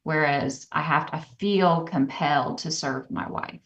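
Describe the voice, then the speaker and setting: A woman co-hosting a podcast, telling personal stories in an earnest, reflective way that turns animated. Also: low-pitched, a little slow. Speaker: podcast co-host. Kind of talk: candid personal storytelling. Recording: dull, slightly distant podcast audio.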